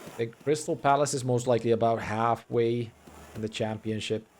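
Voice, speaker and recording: A man's voice: mid-range voice, steady tone, moderate pace, darkish tone, slight background noise. A young Finnish man with a Finnish accent, a native Finnish speaker, giving casual, mumbly commentary while streaming a game. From Finland. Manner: mumbling, words run together.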